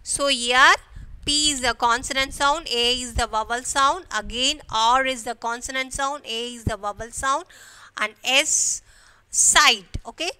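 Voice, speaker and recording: A woman with an Indian English accent teaches a grammar lesson to schoolchildren at an unhurried pace. Her voice sits high, bright and smooth. She keeps asking the class questions and filling the gaps with "okay". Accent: Indian English, from Kerala. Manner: slow, repetitive explaining with frequent "okay" and rhetorical questions.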